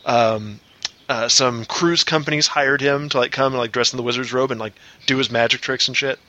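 A man co-hosting a casual podcast, telling a story in a relaxed, profane way. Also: mid-range voice, normal speed, lo-fi sound. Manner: laid-back, swearing storyteller. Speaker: podcast co-host. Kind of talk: casual chat.

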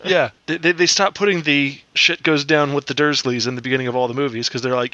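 A young man with a bright, clear-edged voice, telling jokes and making dry, slightly pedantic corrections. The sound is close and dry. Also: mid-range voice, steady tone, quick pace, hardly any pauses, dry recording, lo-fi sound. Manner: wry, a bit pedantic. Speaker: podcast co-host. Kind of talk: casual banter.

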